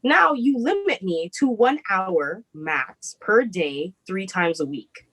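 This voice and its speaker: A woman's voice: medium pitch, expressive, slow pace, a bit bright, breathy edge, poor audio. A woman co-hosting a podcast, chatting casually and emphatically, often breaking into laughter. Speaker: podcast co-host. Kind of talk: casual chat.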